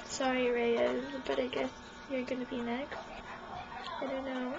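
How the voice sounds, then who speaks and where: A woman's voice: high-pitched, flat delivery, a little slow, creaky, pauses often. A young woman telling a story in a casual interview, chatty and giggly, full of "like". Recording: muffled recording with faint hiss.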